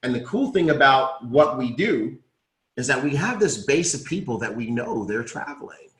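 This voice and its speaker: A man's voice: mid-range voice, lively intonation, normal speed, a bit bright. A man co-founding a company, giving an upbeat business recap and speaking straight to his audience with enthusiasm. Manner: enthusiastic, persuasive, addresses audience directly. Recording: roomy echo.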